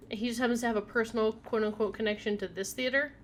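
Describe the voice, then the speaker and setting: A woman's voice: fairly high pitch, steady tone, quick pace, few pauses, a little hiss or hum. A woman streaming a video game at home, chatting casually, reading text aloud and talking to her cat. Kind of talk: casual live gameplay commentary.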